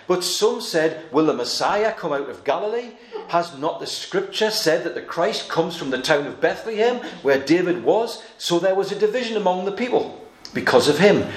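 A man's voice: high-pitched, lively intonation, moderate pace. A man preaching a sermon, explaining Bible passages verse by verse with a touch of humor. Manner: expository Bible teaching with light humor. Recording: echoey room, faint background noise.

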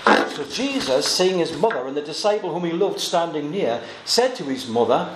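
A man's voice: fairly high pitch, expressive, moderate pace. Earnest preacher man in an echoey room. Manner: earnest, swinging from quiet scripture reading to emphatic exclamations. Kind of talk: expository Bible sermon. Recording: echoey room with faint ambient noise.

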